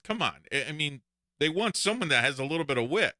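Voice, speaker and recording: A man's voice: on the high side, sing-song, fast, pushed and bright, no echo, clean studio sound. A man with a Texan accent hosting a live call-in stream, telling stories and laughing often. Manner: storytelling, jokey, laughs often. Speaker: show host.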